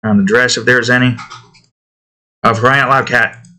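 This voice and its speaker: A man's voice: medium pitch, fairly even intonation, normal speed, sharp tone. A man talking casually to himself while drawing digital art, muttering about his work and snapping at his cat. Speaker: artist drawing on stream.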